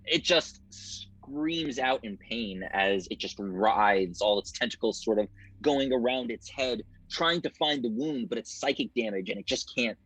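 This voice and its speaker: A man's voice: medium pitch, animated, measured pace, fairly bright tone, slightly rough, dry recording, rough recording. A man running a tabletop game as game master, narrating combat vividly over a video call.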